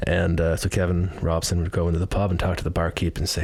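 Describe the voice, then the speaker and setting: A man's voice: low-pitched, monotone, fast, few pauses, darkish tone. A man telling a rambling joke in a casual podcast chat, often restarting and laughing. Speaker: podcast host.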